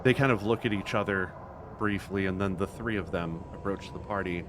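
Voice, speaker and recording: A man's voice: low-pitched, brisk, noisy background. A man narrating a tabletop game as game master, hesitant with many fillers.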